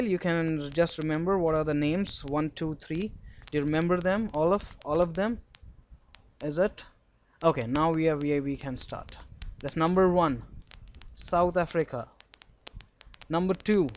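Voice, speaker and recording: A man's voice: on the high side, lo-fi sound, slight background noise. Indian-accented man teaching from a map. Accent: Indian English. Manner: chatty, explains with memory stories and spells words out. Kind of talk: screen-recorded map lesson.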